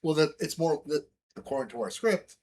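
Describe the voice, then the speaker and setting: A man's voice: a little high, moderate pace, darkish tone, slight background noise. A man co-hosting a casual podcast, joking and teasing in playful banter. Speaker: co-host.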